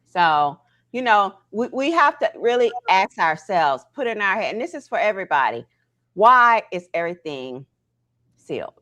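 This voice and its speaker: A woman's voice: mid-range voice, normal speed. A woman hosting a casual livestream, talking straight to her viewers and tagging her points with "right?" and "okay?". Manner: animated, talks to chat viewers directly; frequent "right?" and "okay?" tags. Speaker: livestream host.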